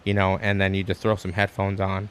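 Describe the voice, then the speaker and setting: A man guest chatting casually on a podcast, an animated storyteller who acts out quotes with sudden high jumps in his voice and swears freely. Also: a little fast, a little hiss or hum. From Arizona, USA. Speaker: guest, stand-up comic.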